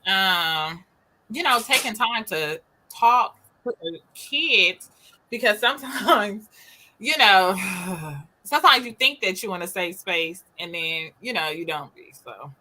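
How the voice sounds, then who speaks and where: Relaxed bright-voiced woman co-host. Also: mid-range voice, slow pace, poor audio. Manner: relaxed, agreeable, short replies. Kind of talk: casual live chat.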